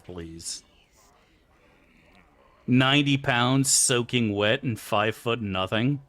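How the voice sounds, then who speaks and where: A man's voice: mid-range voice, takes it slowly, long pauses, a bit bright. A man streaming a game, chatting loosely with his viewers and swearing freely. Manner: loose and rambling, swears freely, answers chat aloud. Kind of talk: casual live-stream chat.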